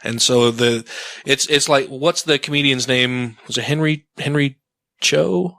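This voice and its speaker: Podcast co-host, man, bright forceful tone, dry close mic, profane ranting. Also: mid-range voice, a little slow, creaky, dry recording. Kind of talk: casual chat.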